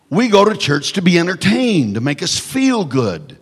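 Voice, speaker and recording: A male pastor preaching a sermon, swinging from shouted lines to hushed near-whispers with joking asides. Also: high-pitched, wildly swooping pitch, normal speed, hardly any pauses, slightly rough, long reverb tail.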